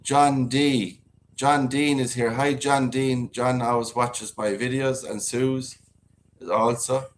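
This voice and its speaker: A man's voice: medium pitch, steady tone, takes it slowly, a little hiss or hum. A man hosting a casual live-stream chat, chatting and reading out viewer comments.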